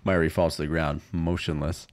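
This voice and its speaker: A man's voice: a bass voice, level tone, brisk. A man streaming a visual novel, reading it aloud dramatically and breaking into crude, jokey asides.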